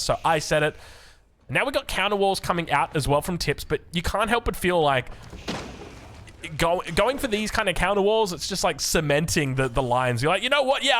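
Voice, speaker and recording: An Australian man calling a strategy game match with a high, bright-pitched voice, jumping from quick play-by-play into jokey tangents. He gets excitable over the big moments. A faint hiss sits behind him. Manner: excitable, jokey, rambling asides. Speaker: game caster. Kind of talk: live strategy game commentary.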